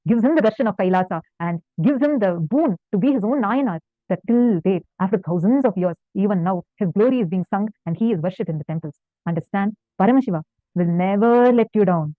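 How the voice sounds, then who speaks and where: A woman's voice: mid-range voice, expressive, fast talker, dry recording. A woman spiritual teacher telling a devotional story in a sermon, earnest and fervent, repeating points for emphasis. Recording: tinny phone-like dry sound.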